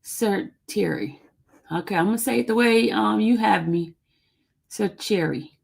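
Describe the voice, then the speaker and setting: With a medium-pitched, gravelly voice that has a breathy edge, this woman moves briskly through a court document on her live stream. She trips over legal words and keeps things chatty and casual between the read sections.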